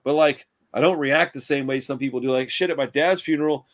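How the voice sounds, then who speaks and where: A man's voice: mid-range voice, fairly quick. A young man telling rambling stories in casual chat, swearing a lot and calling people dude and bro.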